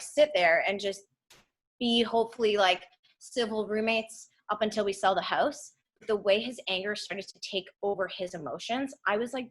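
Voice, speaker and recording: A young woman telling a candid personal story as a guest speaker, swearing freely and acting out what people said. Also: fairly high pitch. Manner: animated, swears often, acts out quotes.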